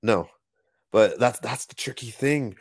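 A man co-hosting a podcast, chatting casually in a playful, animated way with lots of metaphors. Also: mid-range voice, unhurried, no room sound, studio quality. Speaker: podcast co-host.

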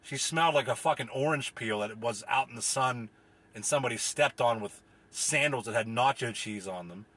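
A man's voice: medium pitch, normal speed, a bit bright, slightly rough. A man from the US delivering a profane, rambling, exasperated comedic rant as a solo podcast host.

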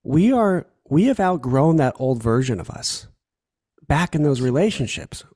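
A man's voice: on the high side, sing-song, unhurried, dark tone. A man hosting a podcast, affirming and encouraging his guest in candid conversation. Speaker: podcast host.

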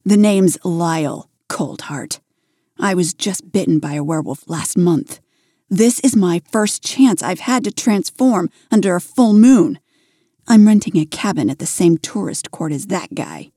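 Lyle, a woman voicing a gruff werewolf. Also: fairly low pitch, lively intonation, measured pace, mellow, no echo, studio quality. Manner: growling, blunt. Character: gruff young male werewolf, cocky newcomer.

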